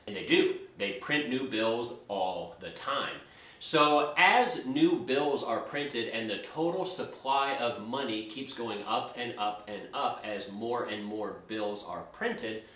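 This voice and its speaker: A man with a bright, forceful voice talks through money ideas in a relaxed, conversational way. He builds his points from everyday hypothetical examples, like a friendly teacher. The room gives his voice a noticeable echo. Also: mid-range voice. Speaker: personal finance YouTube host. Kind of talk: casual explanatory talk. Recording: roomy echo.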